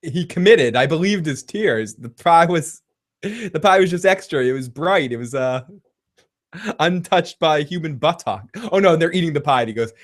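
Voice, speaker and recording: An excitable man talks through a TV episode in a loose recap chat, swearing freely and breaking into laughter as he retells scenes. His voice sits a touch higher than most men's. He reads viewer comments aloud between his own takes. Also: normal speed. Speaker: podcast host reviewing a TV episode.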